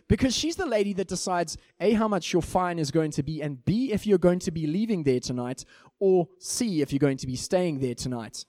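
South African pastor telling a lively anecdote. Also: male voice, sits high, a little fast, few pauses, no room sound, clean studio sound. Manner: animated, acts out each character in the anecdote. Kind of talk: storytelling sermon.

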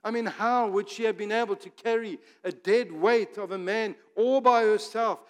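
A man preaching a sermon as pastor, moving from emphatic passages to hushed, soft ones. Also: sits high, normal speed. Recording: long reverb of a church hall.

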